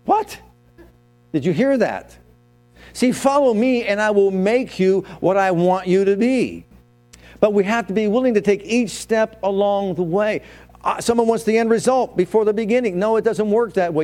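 A man's voice: high-pitched, normal speed, mellow, faint music behind. A man preaching a sermon as pastor, telling his own story and asking the congregation questions.

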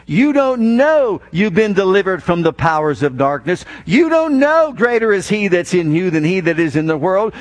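A man preaching a sermon as pastor from the pulpit, animated, with mocking asides. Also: high-pitched. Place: church.

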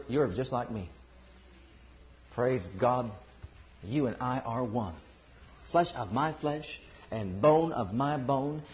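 A man's voice: mid-range voice, highs cut off. A man preaching a sermon to a congregation, building emphasis and asking rhetorical questions.

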